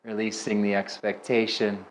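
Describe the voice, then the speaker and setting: A man teaching a yoga class, giving slow, soothing cues with audible sighs and sometimes dropping to a soft whisper. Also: on the low side, flat delivery, a little hiss or hum. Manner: drops to a soft whisper for affirmations. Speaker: yoga instructor. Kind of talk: guided yoga class instruction.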